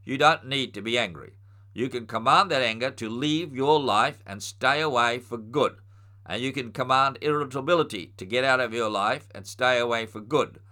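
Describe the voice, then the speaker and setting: Bright-voiced man preaching a sermon. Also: mid-range voice, moderate pace. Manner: earnest teaching, rises to forceful commands.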